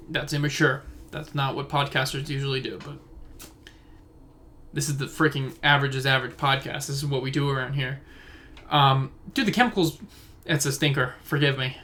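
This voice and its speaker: Recording on his phone camera in his room at home, a twenties-aged man hosts a laid-back solo podcast that wanders into tangent after tangent. His voice is mid-range and a bit bright, with slight background noise.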